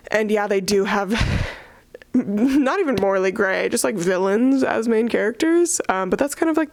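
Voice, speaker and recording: A woman's voice: medium pitch, no room sound. A young woman giving casual, sarcastic book commentary, chatty and full of fillers. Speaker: book reviewer.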